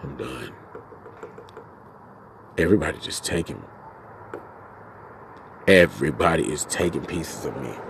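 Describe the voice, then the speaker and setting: A man hosting a podcast, ranting angrily and profanely, swinging from low muttering to loud outbursts. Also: expressive, unhurried, pauses often, slight background noise. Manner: profane, venting, swings between muttering and shouting. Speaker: podcast host. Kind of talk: angry solo podcast rant.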